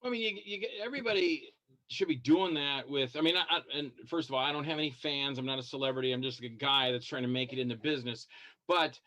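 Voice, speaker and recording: A man's voice: mid-range voice, fast, sharp tone. A man calling in as a guest, telling rambling stories and acting out other people's lines, often stumbling over repeated words. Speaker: guest B-movie actor calling in. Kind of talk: casual storytelling on a call-in show.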